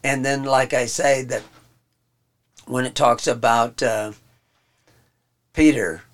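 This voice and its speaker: A man giving an informal Bible study lesson. He pauses often, restarts his sentences and explains the text word by word. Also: medium pitch, level tone, vocal fry. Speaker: Bible teacher.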